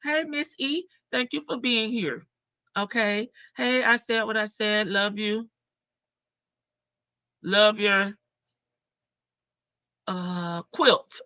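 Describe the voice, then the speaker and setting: A woman's voice: medium pitch, slow, long pauses, bright, forceful tone, no room sound, muffled recording. A woman hosting a casual livestream, chatting in slang and greeting viewers by name. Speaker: livestream host. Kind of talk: casual livestream chat reading viewer comments.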